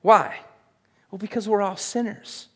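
Guy preaching a sermon, kinda high voice, chatty, asks the crowd stuff. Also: a little slow. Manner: conversational preaching, asks the congregation questions. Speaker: pastor.

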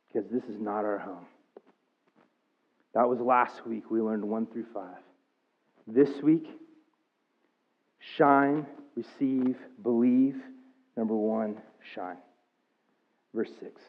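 A man preaching a sermon to his church, talking conversationally and rising in pitch and volume as he gets excited. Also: unhurried. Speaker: pastor. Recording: tinny phone-like sound.

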